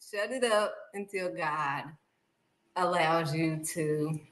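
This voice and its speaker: A woman giving a casual, animated faith talk, speaking straight to her viewers. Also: low-pitched, takes it slowly, roomy sound, low-quality recording. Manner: animated, acts out excited voices and exclamations; talks straight to viewers, calling them honey. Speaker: faith vlogger.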